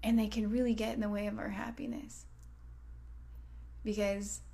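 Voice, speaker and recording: A woman's voice: mid-range voice, flat delivery, normal speed, gravelly, dark tone, husky. A woman hosting a self-help podcast, talking casually and swearing freely. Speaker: podcast host. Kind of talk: motivational self-help talk.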